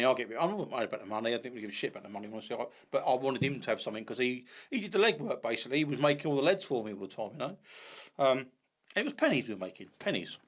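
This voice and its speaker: Fast-talking man telling stories. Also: medium pitch. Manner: animated, acts out dialogue, frequent restarts. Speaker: podcast guest, bait company founder. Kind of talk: casual podcast storytelling.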